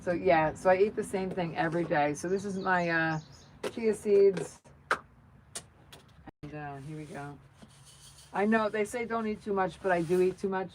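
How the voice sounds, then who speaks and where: A woman's voice: on the low side, moderate pace, long pauses, a little mellow, a little hiss or hum, poor audio. A woman hosting a casual livestream, chatting in a rambling, self-joking way as she moves around her truck outdoors, filmed on a phone. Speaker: channel host. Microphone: phone camera.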